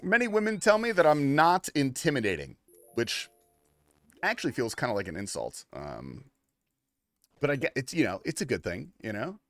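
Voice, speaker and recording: Lively casual young man streaming. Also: mid-range voice, moderate pace. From United States. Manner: casual, swears and laughs, reads chat aloud. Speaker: livestream gamer. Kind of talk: casual livestream chat.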